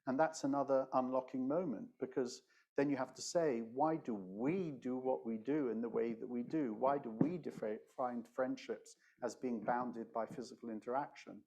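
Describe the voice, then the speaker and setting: A man on a conference panel who speaks in a measured way and slows down to stress his points. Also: medium pitch, darkish tone. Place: conference stage.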